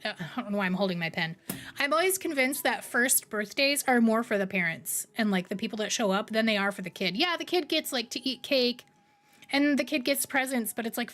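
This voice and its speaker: A talkative woman in her thirties with a fairly high voice, chatting loosely with her viewers. Her tone jumps up for greetings and drops low for asides, with faint music playing underneath. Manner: chatty, rambling, swings between bright greetings and low asides. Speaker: streamer. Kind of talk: casual chat reading live chat.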